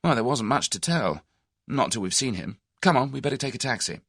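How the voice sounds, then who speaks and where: A man's voice: medium pitch, expressive, fairly quick, a bit bright, husky, no room sound, studio quality, pitched above the performer's own voice. A man voicing a cheerful, breezy young Englishman in an audiobook of a mystery novel.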